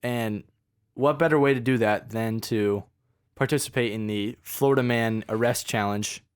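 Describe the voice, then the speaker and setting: A man's voice: mid-range voice, normal speed, clean tone, no echo, clean studio sound. A young man co-hosting a casual podcast, teasing his friend and laughing as he talks. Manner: jokey, teasing, laughs while talking. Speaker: podcast co-host. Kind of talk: casual chat.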